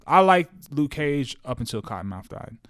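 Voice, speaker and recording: A man co-hosting a podcast in casual chat about movies and shows, animated and slangy, repeating words and restarting his sentences often. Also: medium pitch, moderate pace, clear, resonant tone. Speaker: podcast co-host.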